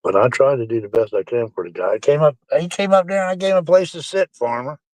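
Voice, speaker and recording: A man's voice: mid-range voice, fast, a little mellow, no room sound. A middle-aged man, rambling casually and profanely to his live-stream chat, calling them folks.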